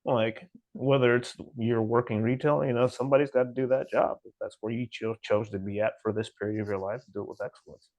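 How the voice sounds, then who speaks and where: A man co-hosting a podcast, talking bluntly and preachily about discipline, breaking into animated mocking asides. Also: medium pitch, a little fast, hardly any pauses, no room sound. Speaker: podcast co-host. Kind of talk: casual motivational chat.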